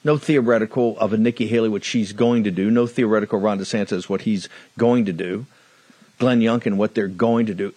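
A man's voice: medium pitch, a little mellow, dry recording. A man hosting a political talk show, delivering an emphatic monologue with hammering repetition into a studio microphone.

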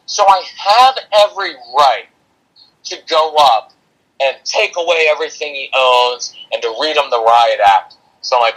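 A man's voice: mid-range voice, normal speed, low-quality recording. A middle-aged man, a parenting coach, telling a personal story in a podcast interview and acting out what he and his son said. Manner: animated, acts out quotes of himself and his son.

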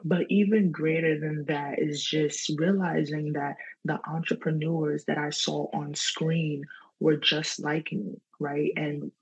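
A woman with a New York accent carrying a Ghanaian touch, a guest telling her story in a casual interview, chatty and quick to laugh. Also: deep voice, level tone, slightly rough, low-quality recording. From New York (the Bronx). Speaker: guest, entrepreneur.

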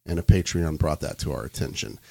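A man's voice: extremely low pitch, fairly quick, creaky, mellow, no echo. A man hosting a casual podcast chat, rambling loosely and laughing often. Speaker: podcast host.

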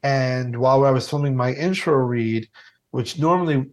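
Brief: a mid-range male guest spinning a salty, animated anecdote on a podcast. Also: medium pitch, moderate pace. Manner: animated, profane, self-deprecating storyteller. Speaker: podcast guest, TV food host. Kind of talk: casual storytelling interview.

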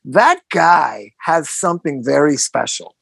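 An animated man chatting on his own podcast, his pitch swinging widely as he presses his points. He repeats phrases for emphasis. The sound is dry and close. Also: measured pace, vocal fry, breathy edge, no echo. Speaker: podcast host. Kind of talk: casual podcast chat.

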